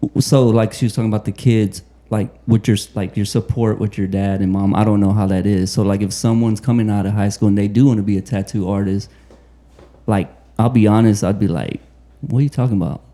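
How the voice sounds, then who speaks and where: A man's voice: fairly low pitch, steady tone, a little fast, warm tone. A man co-hosting a podcast, asking rambling, casual questions full of fillers.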